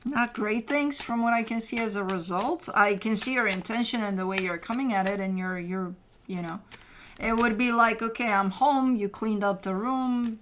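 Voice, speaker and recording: A woman's voice: a little high, normal speed, fairly bright tone, a little hiss or hum. A woman giving a casual tarot reading, talking straight to the listener with loose, sometimes cursing language. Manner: casual, swearing, addresses the listener directly. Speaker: tarot reader.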